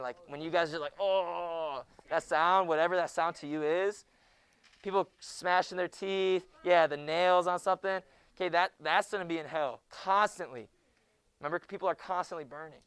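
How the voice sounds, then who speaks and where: Young guy teaching junior high bible class, kinda high pitched, clean dry mic, jokes around, lots of shh. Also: clean tone, dry recording. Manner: lively, jokey, often hushing students. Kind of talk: classroom lecture.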